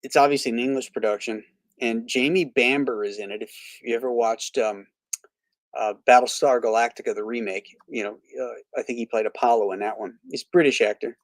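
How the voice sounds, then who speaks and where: A man's voice: medium pitch, steady tone, a little fast, no echo. A man from Florida hosting a casual live stream, rambling with many fillers and restarts, blunt about what he dislikes. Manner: blunt and opinionated. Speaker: host of a live movie stream; reads viewer comments aloud.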